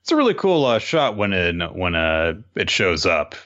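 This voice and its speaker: A man with a very low voice but a bright, forward tone chats casually as a podcast co-host. He recaps comic chapters and drops in agreeing murmurs. His sound is muffled by a dull, lo-fi mic. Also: wildly swooping pitch, normal speed.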